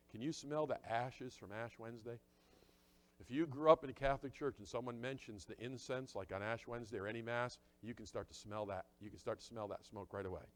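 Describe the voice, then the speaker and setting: Speaking at a medium pitch, a middle-aged man preaches as a pastor in a conversational style. He acts out small dialogues, drops to quiet asides, and builds to loud, emphatic points.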